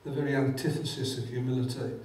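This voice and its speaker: A man's voice: mid-range voice, steady tone, fast talker, gravelly, a little mellow, a little hiss or hum. Fervent preacher man in an echoey church. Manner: fervent, quotes scripture with rising emphasis. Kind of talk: sermon. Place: church hall. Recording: echoey church hall, mic at a distance.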